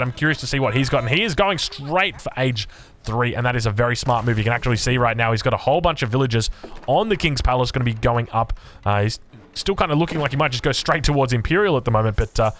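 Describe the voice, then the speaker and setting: A man's voice: mid-range voice, fairly bright tone. An Australian man casting a strategy game match solo, chatty and jokey, with frequent fillers and restarts. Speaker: esports caster. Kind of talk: solo play-by-play game commentary.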